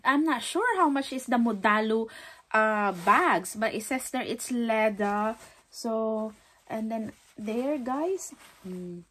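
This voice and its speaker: A woman filming a casual haul vlog at home, chatty, excited about bargains and repeating "guys" as she shows each item. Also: on the high side. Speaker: vlogger. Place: home, indoors.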